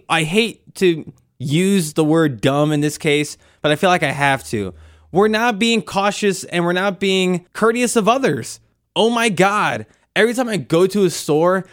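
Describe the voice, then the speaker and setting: A young man from Indiana hosting a solo podcast, ranting emphatically and exasperatedly, with a slight lisp. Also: high voice. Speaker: podcast host.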